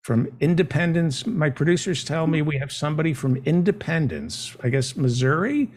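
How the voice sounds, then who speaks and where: Husky deadpan comedy show host. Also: male voice, on the high side, moderate pace. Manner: deadpan mock-naive joking. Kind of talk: comedic talk show banter.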